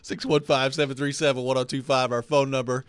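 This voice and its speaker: A man's voice: mid-range voice, level tone, fairly quick, smooth, no room sound. A man hosting sports talk radio, easygoing, chatting and reading station promos on a studio mic.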